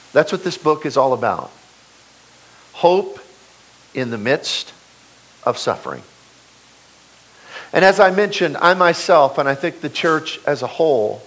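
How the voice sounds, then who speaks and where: A man's voice: sits high, fairly bright tone, rough recording. A man in his forties preaching a sermon, stressing key words and repeating them for emphasis. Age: 40s.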